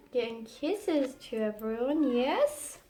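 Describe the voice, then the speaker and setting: A woman's voice: sits high, expressive, takes it slowly, dark tone. A woman talking to her pet parrot in playful baby talk, coaxing it with short, repeated cues in a sing-song way, at home.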